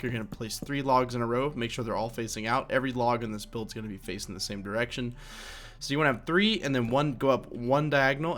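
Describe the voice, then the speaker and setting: A Minecraft tutorial maker, a young man with a medium-pitched, fairly bright voice, gives a casual voice-over for a building guide. He meanders as he talks, using many fillers and often correcting himself.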